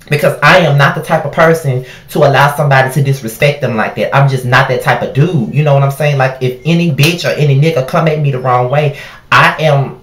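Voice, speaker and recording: Profane, animated storytelling man. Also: mid-range voice, reverberant, slight background noise. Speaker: vlogger telling a work story. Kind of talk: storytime vlog.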